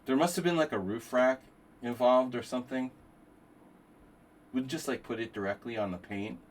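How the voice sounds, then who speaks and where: A man's voice: mid-range voice, moderate pace. A man hosting a live chess stream, thinking aloud through move lines with rambling asides. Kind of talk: live-stream commentary while playing.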